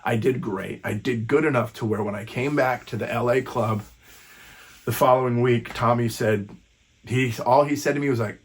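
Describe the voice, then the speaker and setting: A man's voice: medium pitch, moderate pace, breathy edge. A stand-up comedian in his fifties telling a rambling, profane story in a casual vlog. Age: 50s. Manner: rambling, profane, frequent restarts.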